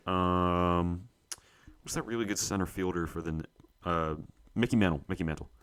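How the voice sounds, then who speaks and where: A man's voice: low voice, creaky, a bit bright. A young man, co-host of a sports show, thinking aloud to himself as he works through a trivia quiz, muttering and searching for names.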